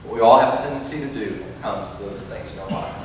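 A man voicing God as a patient, fatherly presence who questions gently but insistently. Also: lowish voice, fast talker, a little hiss or hum, voice pushed down, close to an everyday voice. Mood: reassuring. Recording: echoey hall from far off.

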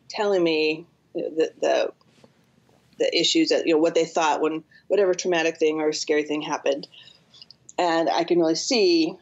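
Woman, psychotherapist guest on a podcast, earnest and explanatory, gravelly tone, dull recording. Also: sits low, a little mellow. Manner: earnest, explaining with acted-out examples. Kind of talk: podcast interview.

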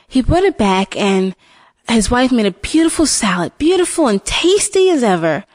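A woman slowly telling a fairy tale for a listening lesson, expressive, with small restarts. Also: on the high side, no room sound. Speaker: storyteller.

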